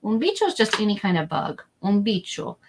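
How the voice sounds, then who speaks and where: Woman teacher, friendly online class for families; chatty, repeats words slowly. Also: mid-range voice, very animated, rough recording. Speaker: Spanish teacher. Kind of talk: live online lesson for families. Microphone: document camera setup, desk mic.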